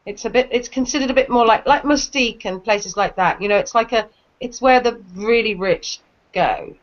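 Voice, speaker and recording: Casting: middle-aged English woman, slight American lilt, rambling conversational host, muffled low-fi stream sound. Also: normal speed. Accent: English, with a slight American tinge. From England. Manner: chatty, restarts often, trails off. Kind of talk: casual chat. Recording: dull lo-fi stream audio.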